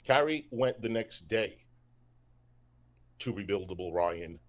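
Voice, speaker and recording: A man's voice: on the low side, animated, slow pace. A man in a replayed YouTube clip, talking defiantly and repeating himself. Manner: defiant, repetitive. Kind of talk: clip of a defensive YouTube rant.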